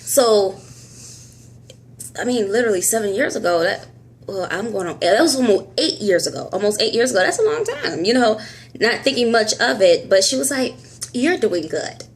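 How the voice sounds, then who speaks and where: At home, a woman records a casual health update vlog on a phone held close, animatedly telling a story, acting out dialogue and laughing often. Her voice is a little high and expressive, at a normal speed.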